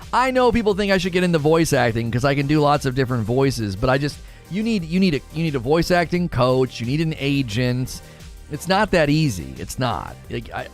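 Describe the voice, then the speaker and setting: A man in his thirties chatting casually on a livestream, talkative and lively, reading chat aloud and laughing often. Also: a little high. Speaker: streamer.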